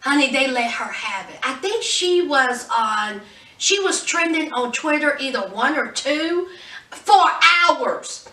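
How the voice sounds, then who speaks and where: A woman's voice: sits high, expressive, slow pace, sharp tone, slight background noise. A woman vlogger chatting casually about celebrity news in a sassy, gossipy way. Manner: chatty, sassy, says "honey". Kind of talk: casual pop-culture commentary. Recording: roomy echo, distant mic.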